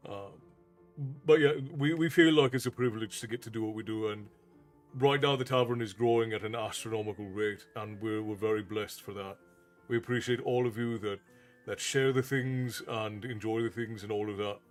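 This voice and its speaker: Man, stream host, earnest, halting, casual thanks, soft music behind. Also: fairly low pitch. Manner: earnest, halting, with repeated words and restarts. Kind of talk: casual thank-you to viewers on a livestream.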